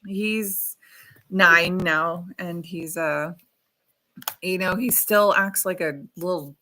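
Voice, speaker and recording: Low-voiced chatty woman on a podcast. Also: slow, slight background noise. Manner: chatty, animated storytelling about her dog. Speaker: podcast co-host. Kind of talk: casual chat. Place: home office. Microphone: desk microphone on a video call.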